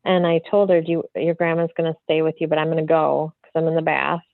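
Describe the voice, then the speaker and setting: A woman medium, a podcast guest, telling a story in a free-flowing, animated way full of fillers. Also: deep voice, fast, vocal fry, no echo. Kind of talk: casual storytelling in an interview. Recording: tinny phone-like line, dry.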